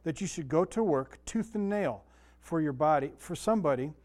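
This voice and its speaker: A man's voice: a little high, expressive, moderate pace, a little mellow. A man giving a casual, folksy Bible lesson, often asking his listeners questions and telling stories. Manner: folksy, chatty, asks the room questions. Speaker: Sunday school teacher.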